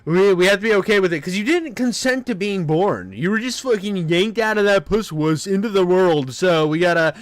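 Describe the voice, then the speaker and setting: A man's voice: high-pitched, animated, moderate pace, few pauses, no echo. A man doing casual reaction commentary, crude and profane, laughing often. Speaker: reaction streamer.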